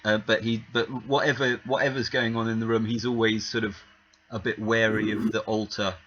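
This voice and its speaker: A man's voice: fairly low pitch, little pitch movement, fairly quick, fairly bright tone, dull audio. A man narrating as game master in a casual, hesitant way with many restarts.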